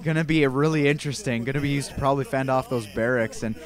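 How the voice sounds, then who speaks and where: A young man casting a video game match in an easygoing, rambling way. He often backtracks and corrects himself mid-sentence. His voice sits at an ordinary middle pitch. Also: quick pace. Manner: rambling, relaxed, self-correcting. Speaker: amateur esports caster. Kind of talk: casual play-by-play game commentary.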